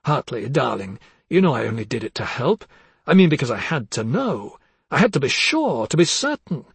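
A man's voice: very animated, normal speed, creaky, husky, no room sound, exaggerated voice. A man reading an audiobook, voicing a distraught, manipulative woman with pleading, broken cries. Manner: wailing, pleading, high and broken. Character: distraught middle-aged woman, wild, manipulative.

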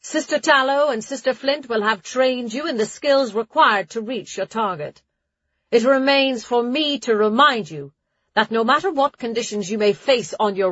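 A woman voicing a stern, commanding older abbess who gives a formal address to young novices. She speaks with a husky voice. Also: fairly high pitch, fairly bright tone, no room sound, dull audio, voice pushed up, heavily acted.

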